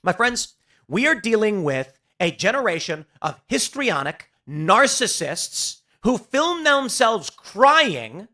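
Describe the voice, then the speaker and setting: A man's voice: high voice, big pitch swings, slow pace, bright, forceful tone. A man hosting a political commentary show, talking in an emphatic, sarcastic ranting way. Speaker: host.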